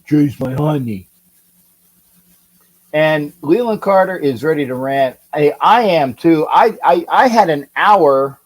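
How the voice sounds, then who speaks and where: Speaking slowly in a slightly high, animated voice, this sports talk livestream host from California rambles casually, reads out viewer comments, and says hello to people by name. The audio is poor.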